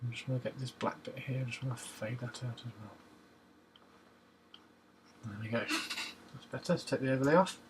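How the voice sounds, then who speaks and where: A photo editing vlogger with a mid-range voice casually talks through an on-screen photo edit, speaking fairly quickly and pausing often. He's relaxed, mutters to himself as he works, and hums while waiting. The recording is very noisy.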